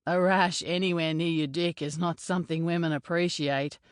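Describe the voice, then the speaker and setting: A woman's voice: lowish voice, steady tone, normal speed, smooth, no room sound, close to an everyday voice. A woman doing a dry, knowing married footballer. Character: married male rugby player, knowing.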